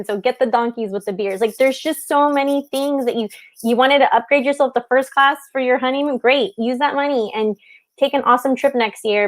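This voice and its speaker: A woman co-hosting a casual live stream about wedding planning, talking with passion in quick bursts. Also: medium pitch. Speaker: wedding business co-host.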